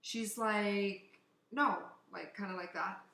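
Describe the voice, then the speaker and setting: A woman co-hosting a casual podcast from Canada, telling a story in an animated way, swearing and acting out what people said. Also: medium pitch, slow pace. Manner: animated, swearing, acts out quotes. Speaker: podcast co-host. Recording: echoey room.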